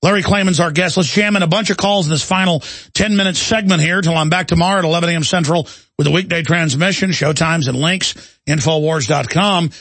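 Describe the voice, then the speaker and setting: A man's voice: fairly high pitch, brisk, fairly bright tone, no echo. A man hosting a talk radio show, speaking in an impassioned, ranting way as he takes calls. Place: radio studio.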